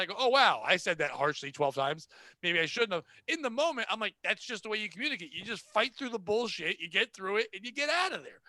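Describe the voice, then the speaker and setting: This man's voice sits high in a dry recording. He hosts a podcast and tells a retail work story bluntly and sarcastically, animatedly acting out the people involved in a casual storytelling chat.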